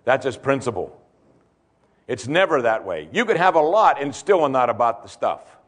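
A man's voice: medium pitch, big pitch swings, normal speed. A man preaching an expository sermon as a pastor, repeating key points and asking rhetorical questions.

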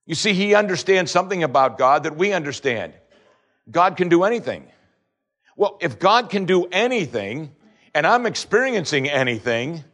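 Man preaching with dramatic swings. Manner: dramatic, swings between loud pleading and low hushed tones. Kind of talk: sermon.

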